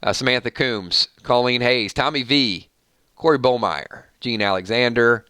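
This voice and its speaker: A man hosting a casual livestream, chatting loosely and rattling off supporters' names with quick thank-yous. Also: medium pitch, pushed and bright, clear, resonant tone, dry recording. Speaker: livestream host.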